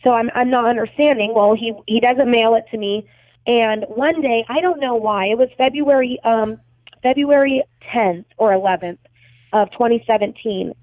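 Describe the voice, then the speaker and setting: A woman's voice: a little high, moderate pace. A young adult woman recounting events as a podcast guest, blunt and agitated, swearing heavily. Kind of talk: emotional storytelling interview. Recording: tinny phone-like line, dry.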